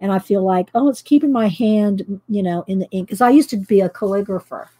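A woman's voice: medium pitch, fairly quick, dark tone, breathy edge. A middle-aged woman from Texas with a light Texan accent, chatting casually and rambling while she colors on a live stream. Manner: chatty, rambling, laughs often. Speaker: artist vlogger.

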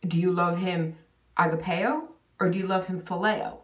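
A woman's voice: lowish voice, steady tone, moderate pace, far from the mic. A woman giving an informal Bible teaching, talking casually with fillers like "you know" and "okay?". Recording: echoey room, voice set back from the mic.

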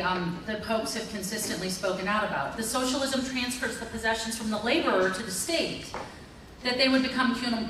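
A woman's voice: medium pitch, fairly bright tone. A woman giving a conference lecture in a chatty, joking way, with casual fillers. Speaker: conference speaker. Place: large echoey hall. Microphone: distant mic. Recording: echoey hall, far-off mic, background noise.

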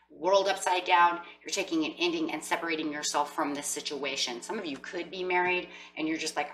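A woman's voice: sits low, brisk, fairly bright tone, recorded from a distance, slight background noise, poor audio. A woman giving a chatty tarot reading, acting out what people might say. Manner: chatty, acts out quoted voices with emphasis. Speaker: tarot reader.

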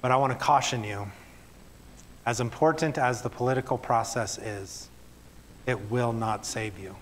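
A man's voice: medium pitch, normal speed, slight background noise. A male pastor reading scripture aloud and preaching earnestly to his church. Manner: reads scripture then speaks plainly and earnestly to the congregation. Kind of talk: sermon.

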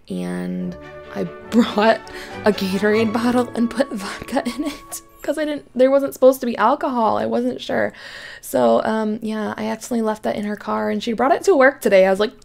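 Chatty young woman with a gravelly edge. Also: mid-range voice. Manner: chatty, excitable, drops to whispers. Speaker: gaming YouTuber. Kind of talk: casual let's-play commentary.

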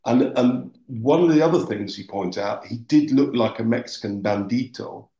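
A man's voice: mid-range voice, moderate pace, mellow. A man hosting a podcast interview, chatting casually with wry asides. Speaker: podcast host. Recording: roomy echo.

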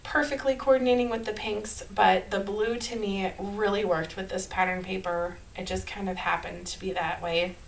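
A woman with a Minnesota accent, talking through a card-making tutorial in a chatty, upbeat way and laughing softly at herself. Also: medium pitch, steady tone, moderate pace, gravelly, hardly any pauses, rough recording. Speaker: card-making channel host. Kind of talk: casual craft tutorial voice-over.

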